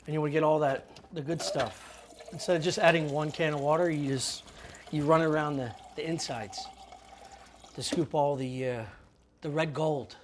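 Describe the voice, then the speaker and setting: A man's voice: a little high, steady tone, moderate pace, slight background noise. A man hosting a cooking show, explaining each step in a casual, crude, joking way from a kitchen.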